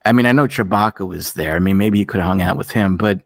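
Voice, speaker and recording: A man co-hosting a podcast in casual chat, opinionated and animated, jumping up in pitch for emphasis. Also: fast, no room sound. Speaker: podcast co-host.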